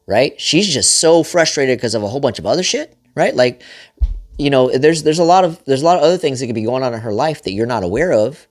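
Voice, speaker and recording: A man's voice: medium pitch, expressive, fast, faint music behind. A man giving a blunt, profanity-laced talk as a marriage coach, speaking straight to other men and constantly checking in with "right?". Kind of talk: motivational advice talk to camera.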